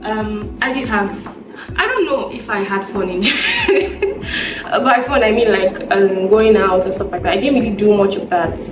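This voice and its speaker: A chatty young woman talks casually to her viewers, telling stories and acting out the people in them. She sounds set back from the microphone in a roomy space. Music plays clearly underneath her voice. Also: medium pitch, sing-song, moderate pace, distant mic. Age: young adult. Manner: chatty storytelling, acts out conversations. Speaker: vlogger. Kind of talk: casual sit-down chat.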